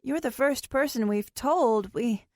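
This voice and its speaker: A woman's voice: sits high, unhurried, a little mellow, dry recording. Nervous young woman, earnest and hesitant, reader's own voice, dry close mic.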